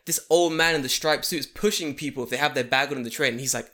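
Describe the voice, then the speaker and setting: A young man telling a long story in casual chat, profane and animated, acting out what people said. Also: medium pitch, fast, hardly any pauses. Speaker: podcast co-host telling a story.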